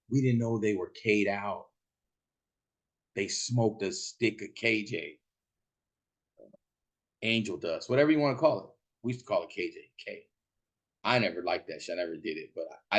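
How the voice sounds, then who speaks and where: A man in a casual talk show recalls wild nights with friends in a loose, profane storytelling voice. His pitch sits in an ordinary middle range, and he acts out his friends' lines as he goes. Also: measured pace, pauses often. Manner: profane, laughing, acts out quotes in a shouting high voice. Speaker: podcast host.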